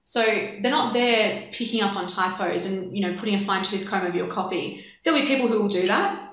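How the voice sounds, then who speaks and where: A woman, a guest on an interview, giving marketing advice in a relaxed, chatty way. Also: mid-range voice, a little fast. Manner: relaxed, chatty, laughs easily. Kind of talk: casual interview chat. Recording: echoey room.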